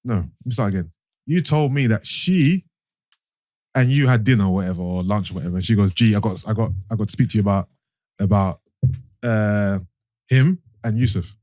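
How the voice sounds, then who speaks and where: A man's voice: on the low side, brisk, pauses often, dry recording, clean studio sound. A man hosting a podcast, telling a story and teasing his co-hosts in casual banter. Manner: teasing, storytelling with lively put-on quotes. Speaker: podcast host.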